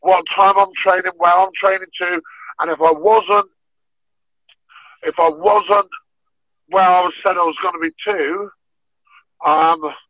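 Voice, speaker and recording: A man, a podcast guest and former fighter, telling a story in casual, profane, animated speech. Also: high voice, a little slow, pauses often, no room sound. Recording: tinny phone-like dry sound.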